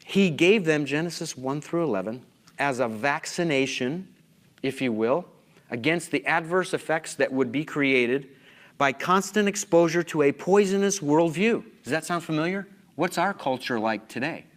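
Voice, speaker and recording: Man, slightly higher voice, emphatic conference lecturer, asks the audience questions. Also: animated, normal speed. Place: conference hall.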